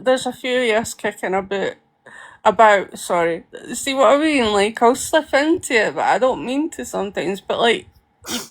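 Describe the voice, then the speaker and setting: A woman with an East Coast Scottish accent in casual chat, talking loosely with a lot of "like" and quick laughs. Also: medium pitch. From Scotland. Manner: chatty, fillers of "like", laughs easily.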